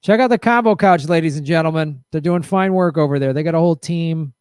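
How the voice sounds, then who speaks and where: A middle-aged man hosts a loose, rambling live-stream chat, upbeat and full of fillers. His voice is fairly high and he is losing it. The sound is dry and close. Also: fast, a little mellow, clear, resonant tone, no room sound. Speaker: host.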